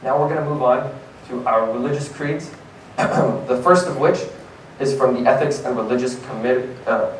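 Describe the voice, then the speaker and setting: A young man giving a prepared conference talk, earnest and a bit halting, with fillers between points. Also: mid-range voice. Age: young adult. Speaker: conference speaker. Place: conference hall. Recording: roomy, distant mic, faint noise.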